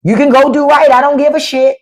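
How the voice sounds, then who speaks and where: A woman's voice: high-pitched, fairly even intonation, a little fast. A woman hosting a livestream, ranting bluntly and mockingly with plenty of profanity. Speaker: livestream host. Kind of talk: casual livestream rant.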